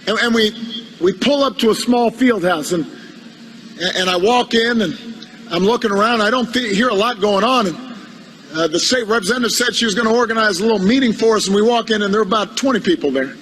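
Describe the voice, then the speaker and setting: A man, a politician, telling a humorous anecdote in a speech, halting and repeating words with a wry storytelling manner. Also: sits high, fairly bright tone, a little hiss or hum, low-quality recording.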